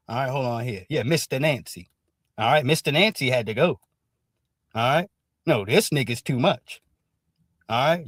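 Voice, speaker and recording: Black guy ranting on his stream, lively swinging pitch, dry close sound, keeps saying all right. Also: no room sound. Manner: animated, profane, repeats "all right" as a filler. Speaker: livestream commentator. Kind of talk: casual livestream commentary.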